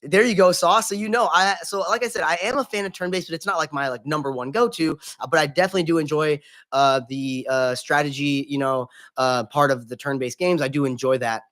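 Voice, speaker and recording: A man's voice: fairly high pitch, steady tone, a little fast, a bit bright. A man hosting a casual gaming live stream, chatting in an upbeat, chummy way, greeting viewers by name and swearing casually.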